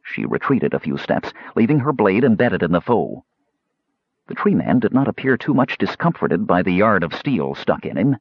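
Low, husky male audiobook narrator. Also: normal speed, dry recording, lo-fi sound. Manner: steady storytelling with varied voices. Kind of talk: scripted narration.

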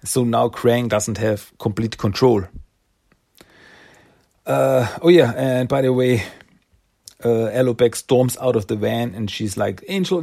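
Husky guy rambling through a comic recap, lots of uh and like, mid-pitched. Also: darkish tone. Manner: rambling with fillers, slips into character voices. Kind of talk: casual comic book retelling.

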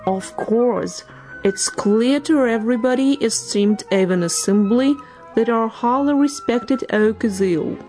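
A woman's voice: unhurried, mellow, faint music behind, close to an everyday voice. Woman reading a throaty old raven scholar. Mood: solemn. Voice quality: low and throaty. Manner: formal, speech-making. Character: wise old male raven, academic.

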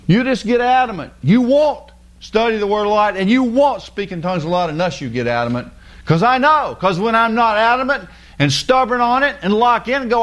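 A man's voice: high-pitched, fairly bright tone. A man preaching a casual, folksy sermon in plain everyday words. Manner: folksy, plain-spoken, mimics people with sing-song voices.

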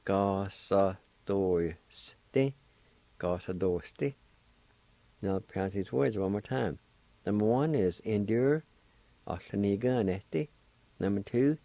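A man hosting a radio language lesson, patiently spelling words and sounding out syllables slowly, with encouraging words for learners. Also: on the low side, gravelly, mellow, no room sound. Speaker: radio language teacher and host. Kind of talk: slow step-by-step pronunciation lesson.

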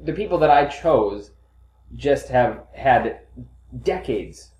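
A man's voice: mid-range voice, expressive, slow, a little mellow, muffled recording. A man co-hosting a podcast, bantering casually about sports with a joking, chatty manner. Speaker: podcast co-host. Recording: roomy echo.

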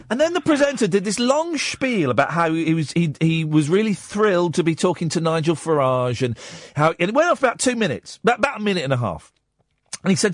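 A man with an English accent hosting a late-night phone-in radio show, telling animated stories with mocking asides. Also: high voice, fairly quick, no room sound, clean studio sound. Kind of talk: casual phone-in chat. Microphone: studio microphone.

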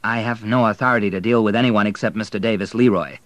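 A man's voice: fairly low pitch, quick pace, dry recording, natural voice. A man playing a cold, clipped banker. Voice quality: clipped, authoritative. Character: authoritative, clipped male banker, cold and formal.

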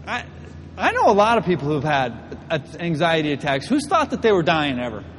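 A young man preaching to a church, telling a personal story in an animated, laughing way. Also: fairly high pitch, brisk, in a large hall, slight background noise. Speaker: pastor. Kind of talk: storytelling sermon. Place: church hall.

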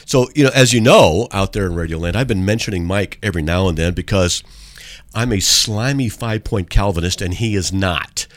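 A man's voice: low-pitched, fairly quick, no room sound. A man hosting a call-in radio show from a studio, talking in a casual, joking and rambling way.

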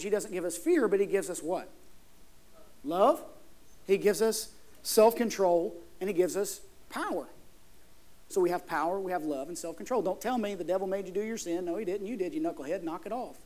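High-voiced preaching pastor, man. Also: a little mellow. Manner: preaching with rising emphasis, rhetorical questions to the congregation. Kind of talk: sermon.

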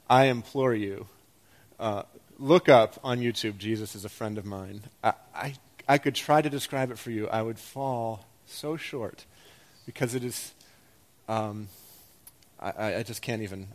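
A pastor preaches a sermon in a medium-pitched voice, animated and self-deprecating, swinging from loud excitement to quiet emphasis.

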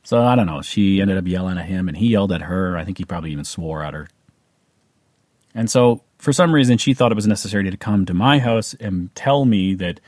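A man's voice: deep voice, darkish tone, no echo, studio quality. A middle-aged man with a Canadian accent, telling a personal story in a casual, rambling way with many fillers and restarts. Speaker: vlogger.

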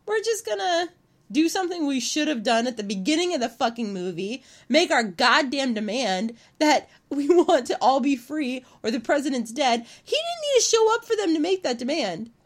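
Woman, high voice, lively swooping pitch, casual movie chat, profane, exasperated ranting.

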